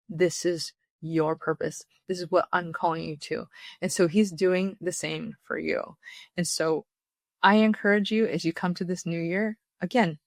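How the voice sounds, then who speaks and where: A woman's voice: on the low side, creaky, no echo, studio quality. A middle-aged woman hosting a faith podcast, talking earnestly and encouragingly with fillers and restarts. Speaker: podcast host.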